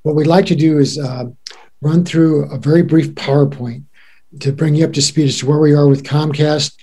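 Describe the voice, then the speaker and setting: A man acting as a cable franchise consultant, giving a measured, formal briefing during a city council meeting, heard over a video call. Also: on the high side, steady tone, dark tone, husky.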